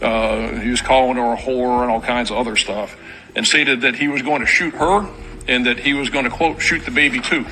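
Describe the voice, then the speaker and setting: A man's voice: mid-range voice, steady tone, moderate pace, bright, forceful tone, low-quality recording. A man, a law enforcement spokesman, briefing reporters in a matter-of-fact way with dry sarcastic asides. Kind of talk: press briefing.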